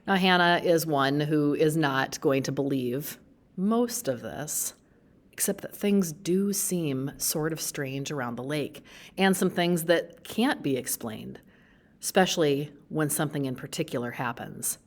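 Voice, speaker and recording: A woman who works as a school librarian gives a book talk presentation, explaining each book in a friendly way with pauses. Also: low-pitched.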